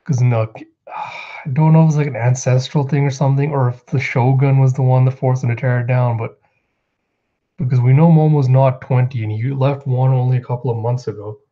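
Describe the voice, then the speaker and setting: A man's voice: mid-range voice, fairly even intonation, brisk, dark tone, highs cut off. A man hosting his own channel, casually recapping a manga chapter and reading the characters' lines aloud. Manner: rambling, reads character lines aloud in quotes.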